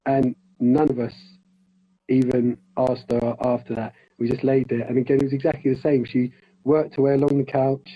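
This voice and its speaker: A man's voice: mid-range voice, level tone, moderate pace, husky, highs cut off. A man and life coach in training, talking in a casual conversation, rambling with frequent restarts.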